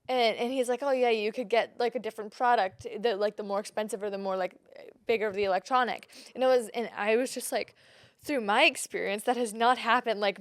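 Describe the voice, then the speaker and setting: A woman's voice: dry recording, clean studio sound. A young woman co-hosting a podcast, chatting casually and telling stories animatedly. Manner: animated storytelling, quotes herself in high emotional bursts. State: pregnant. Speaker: podcast co-host. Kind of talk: casual chat.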